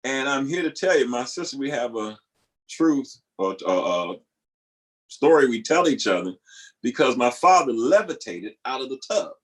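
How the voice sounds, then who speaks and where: A middle-aged man telling a family story in a casual monologue. His voice sits at an ordinary pitch, and his delivery stays loose and conversational. When he quotes people he jumps into high squealing voices. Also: big pitch swings, normal speed, poor audio. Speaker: vlogger.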